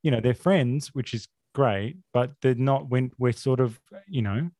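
A man's voice: medium pitch, a little slow, mellow, no echo, clean studio sound. A man who is not American, a podcast host talking about a film in an opinionated, rambling way, with many fillers. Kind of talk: casual film chat.

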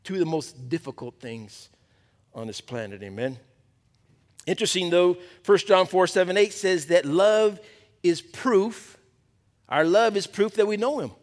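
A pastor preaching to a men's Bible study, animated and throwing questions to the group. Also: male voice, sits high, measured pace, long reverb tail.

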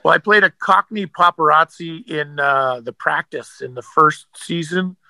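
A man's voice: a little high, unhurried, creaky, sharp tone, no room sound, poor audio. A man, an actor, telling stories as a guest in a casual interview, rambling with many fillers and restarts.

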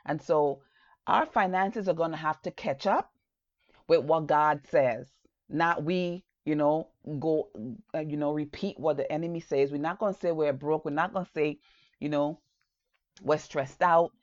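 A woman with a low, dark-toned voice preaches an earnest, encouraging sermon. She talks conversationally, full of "um" and "you know". The recording sounds somewhat dull and lo-fi. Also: unhurried, dry recording. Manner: encouraging, earnest, loose with fillers.

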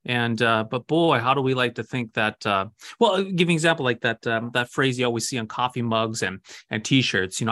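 A man's voice: medium pitch, normal speed, few pauses, sharp tone. Earnest, emphatic Lutheran pastor man. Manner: earnest, emphatic, rhetorical questions. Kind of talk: casual conversation about faith.

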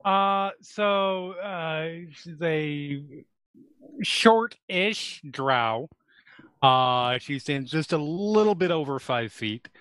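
A man playing in a tabletop game, describing his character in a halting way, searching for words. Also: a little high, animated, a bit bright, clear, resonant tone, no echo. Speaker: player.

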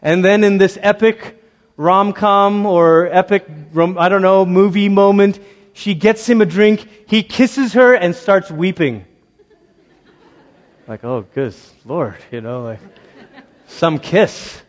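High-voiced preacher in a reverberant hall. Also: male voice, takes it slowly. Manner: storytelling, conversational, acts out quoted voices. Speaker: pastor. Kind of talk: sermon.

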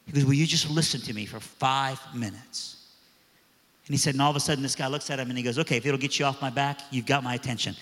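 A man preaching a sermon, telling a story in an animated way and acting out the voices of the people in it. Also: mid-range voice, fast talker. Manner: animated, acts out quoted voices. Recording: long reverb of a large hall.

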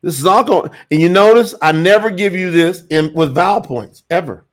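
A man from the United States hosting a livestream, teaching Hebrew scripture and answering the chat, with stretched-out emphasis. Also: sits high. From USA. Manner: animated, drawn-out emphasis, addresses chat as y'all.

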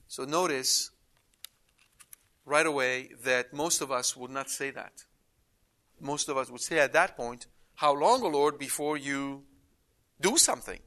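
Bright-voiced man teaching scripture. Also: mid-range voice, a little slow, long pauses. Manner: emphatic, reads scripture aloud with rising intensity. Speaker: Bible teacher. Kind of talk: Bible study lecture.

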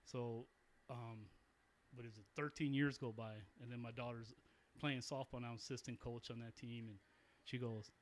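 A man in his forties at a middle pitch, chatting loosely and spinning a meandering yarn. He swears often and trips over his own sentences as he goes. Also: steady tone, moderate pace, slight background noise. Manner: rambling storyteller, profane, many restarts. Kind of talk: casual chat.

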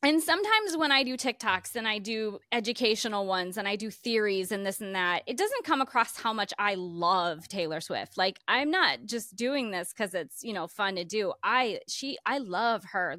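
A woman co-hosting a podcast in casual chat, telling stories in an animated way and laughing often. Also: mid-range voice, normal speed, hardly any pauses, no room sound, clean studio sound. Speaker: podcast co-host.

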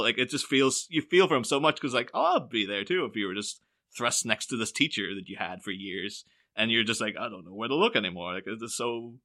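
A young man co-hosting a podcast, chatting casually about a film with lots of fillers and restarts. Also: medium pitch. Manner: animated, rambling with many fillers and restarts. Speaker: podcast co-host.

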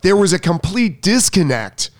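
A man's voice: high voice, big pitch swings, moderate pace, no echo, clean studio sound. A middle-aged man, a tennis coach, chatting casually and rambling, often restarting sentences and acting out quotes. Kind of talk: casual chat.

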